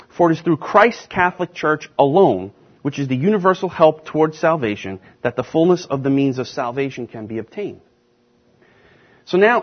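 A man teaches scripture in an emphatic sermon style, leaning hard on key words and slowing down to hammer them home. His voice is husky and sits a little high for a man. The recording sounds dull and lo-fi. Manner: emphatic, stresses key words with slow deliberate repetition. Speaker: pastor teaching a class.

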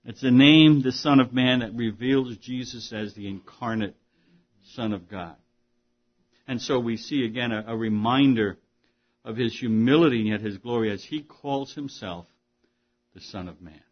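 Male pastor mid-sermon, slightly raspy, earnest delivery that swings from quiet to emphatic; muffled low-fidelity recording. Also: moderate pace.

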